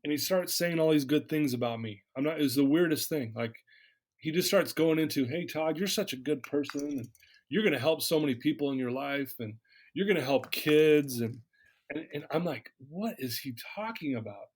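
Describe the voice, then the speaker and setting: A man with a slightly high voice speaks at a moderate pace as an interview guest. He candidly shares a personal story, acting out the dialogue he remembers.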